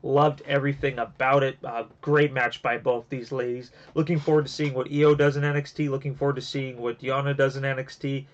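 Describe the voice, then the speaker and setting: A man at a middling pitch talks through wrestling matches in a loose, rambling way, full of fillers and restarts. He sounds emotionally invested in the matches. The recording is muffled and lo-fi. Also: level tone, fairly quick, hardly any pauses. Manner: gets emotional and teary. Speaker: wrestling reviewer. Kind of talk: casual review podcast. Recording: dull lo-fi home recording.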